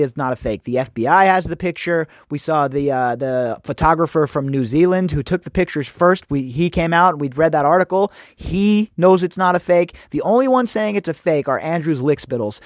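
A man's voice: on the high side, dry recording, highs cut off. A man hosting a podcast, ranting indignantly in opinionated news commentary and addressing his listeners as folks. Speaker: podcast host.

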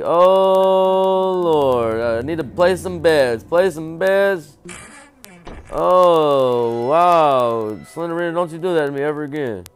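A man playing a horror game, joking and talking to the monster, with low mutters and loud startled yelps. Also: expressive, takes it slowly, clean tone, faint music behind. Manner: jokey, talks to the game character, repeats silly chants. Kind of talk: casual let's-play commentary.

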